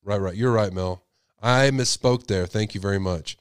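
A man's voice: fairly low pitch, moderate pace, smooth, no echo, clean studio sound. Sick man hosting a call-in show. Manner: speculative, asks rhetorical questions. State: sick with a cold. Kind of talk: casual call-in show talk.

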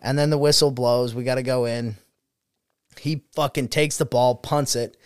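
A man's voice: medium pitch, normal speed, clean tone, no room sound, studio quality. A young man, a student teacher, telling stories in a casual chat, swearing freely and laughing as he goes. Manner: profane, laughing, animated storyteller.

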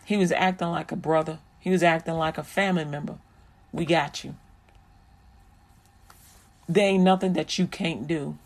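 A vlogger giving preachy, sermon-like encouragement, repeating phrases and slowing down to stretch out key lines. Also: mid-range voice, steady tone, vocal fry. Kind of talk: preachy inspirational commentary.

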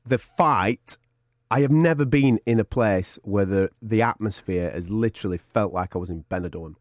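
A man's voice: on the low side, normal speed, no room sound, clean studio sound. A middle-aged man on a podcast, telling stories in casual chat, acting out quotes, swearing and laughing often. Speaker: podcast co-host.

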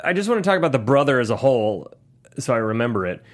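A man from Ohio co-hosting a podcast, chatting casually and laughing about a movie. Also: medium pitch. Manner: lively, laughing, quick asides. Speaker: podcast co-host.

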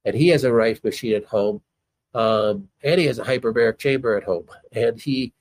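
A man who is a doctor, a guest on a call, explaining in a relaxed way with many fillers. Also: mid-range voice, normal speed, no echo. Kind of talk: explanatory conversation.

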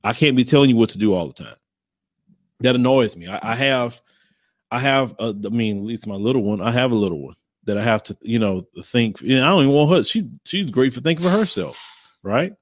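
Male host, casual commentary. Mid pitch, blunt and rambling, with repeated phrases. Dry, close sound. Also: animated, a little fast, no room sound.

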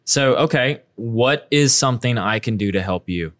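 A man's voice: medium pitch, animated, moderate pace, fairly bright tone, dry recording, studio quality. A man hosting a podcast, playful and encouraging with his guest, laughing often. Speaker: podcast host. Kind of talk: casual interview chat.

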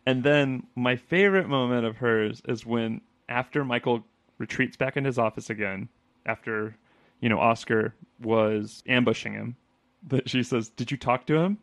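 A man co-hosting a casual chat podcast, chatty and quick to laugh, acting out lines as he talks. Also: mid-range voice, fairly bright tone, dry recording. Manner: chatty, laughs often, acts out quotes. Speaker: podcast co-host.

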